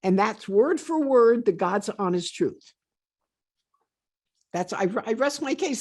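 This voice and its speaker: A woman's voice: medium pitch, animated, unhurried, darkish tone. Old lady in her 80s telling it straight, blunt and punchy, on a zoom call. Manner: blunt, emphatic, plain-spoken. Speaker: guest speaker, retired stockbroker. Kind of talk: storytelling interview. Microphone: video call.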